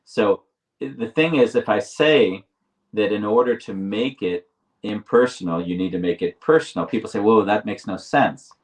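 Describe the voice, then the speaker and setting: A man with a very low voice co-hosts a reflective talk show. He explains ideas deliberately and often restarts his phrases. He sits a little back from the microphone, so his voice sounds somewhat distant. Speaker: podcast co-host.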